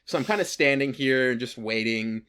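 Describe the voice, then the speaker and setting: A man's voice: mid-range voice, moderate pace, fairly bright tone, smooth. Casual young man telling a story. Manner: rambling with lots of "like" and swearing. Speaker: podcast co-host.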